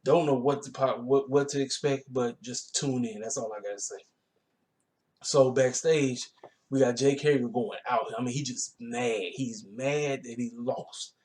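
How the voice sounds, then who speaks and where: A man talks through a wrestling show in a loose, rambling recap, full of fillers and slang. His voice sits at an ordinary middle pitch colors the easygoing delivery. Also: fairly even intonation, measured pace, darkish tone. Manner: laid-back, colloquial, rambling with fillers.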